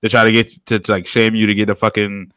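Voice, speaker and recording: A young man co-hosting a podcast, animated and slangy, laughing often in casual banter. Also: lowish voice, quick pace, clear, resonant tone, no room sound. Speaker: podcast co-host.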